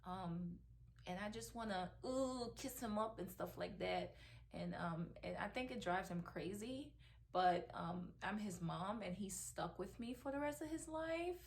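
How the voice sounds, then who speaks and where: A woman's voice: medium pitch, expressive, measured pace, creaky, a little hiss or hum. A middle-aged woman, a mother, talking emotionally in a heartfelt personal vlog, with lots of ums and restarts. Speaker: mother vlogger.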